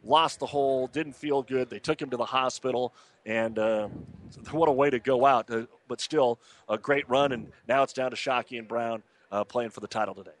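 A man's voice: mid-range voice, fairly even intonation, moderate pace. A man hosting casual sports radio talk, opinionated and loose with lots of filler words. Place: outdoors at a golf course.

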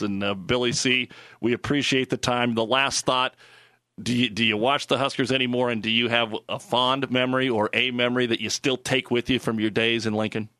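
Bright-voiced male sports radio host. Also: medium pitch, dry recording. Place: radio studio.

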